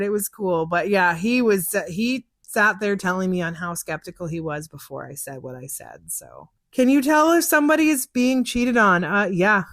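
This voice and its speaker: A young woman talks in a casual, candid way about her work as a psychic, often laughing and acting out what people told her. Her voice sits on the low side for a woman, and the recording is close and dry, with no room sound. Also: a bit bright, no room sound. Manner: chatty, candid, laughs often, acts out conversations. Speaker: psychic podcast host. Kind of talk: casual chat answering listener questions. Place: car.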